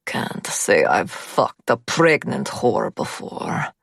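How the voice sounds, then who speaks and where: A woman voicing a cold, cruel male gunman with a deep voice and a heavy Russian accent, speaking slowly and leeringly. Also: big pitch swings, gravelly, husky, no echo, clean studio sound, heavily acted. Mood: menacing.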